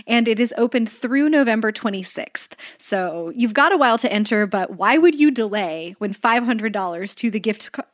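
A woman with a faint Southern accent, co-hosting a book podcast, playful and laughing easily as she reads a giveaway. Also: mid-range voice. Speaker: podcast co-host. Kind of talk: casual chat and sponsor reads.

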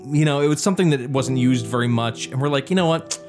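A man's voice: medium pitch, fast, music in the background. Tired, swearing man telling a story. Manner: swears freely, animated storyteller. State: tired, yawning. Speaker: podcast co-host. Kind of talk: casual chat.

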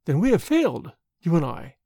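A desperate noblewoman, as a male narrator voices her, urgent and pleading in a high, lively tone. The storybook reading is close and dry. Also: moderate pace, vocal fry, no echo, heavily acted.

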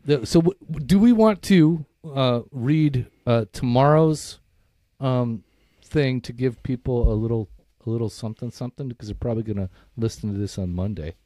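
A man's voice: medium pitch, moderate pace, mellow, no room sound, clean studio sound. A man co-hosting a casual recovery podcast, rambling and swearing freely, often breaking into laughter. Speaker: podcast co-host.

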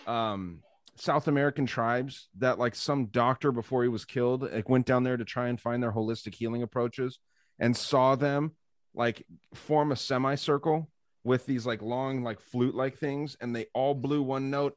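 A man's voice: mid-range voice, steady tone, normal speed, no echo, studio quality. A man talking loosely on a podcast, rambling with lots of filler words. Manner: rambling, heavy on fillers like "like" and "dude". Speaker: podcast guest. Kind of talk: casual conspiracy chat.

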